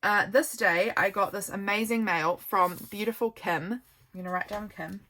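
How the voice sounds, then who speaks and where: A woman's voice: medium pitch, moderate pace. A young woman with a New Zealand accent, chatting casually and rambling as she flips through her journal, tired and yawning. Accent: New Zealand English. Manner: chatty, rambling, warm asides to viewers. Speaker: journaling vlogger. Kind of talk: casual flip-through chat. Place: home.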